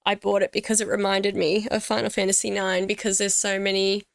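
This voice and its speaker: A woman's voice: medium pitch, monotone, a little fast, gravelly, no room sound, studio quality. A woman hosting her gaming channel, talking to camera in a heartfelt, casual way, teary and grateful. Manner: emotional, teary, grateful, with soft laughs.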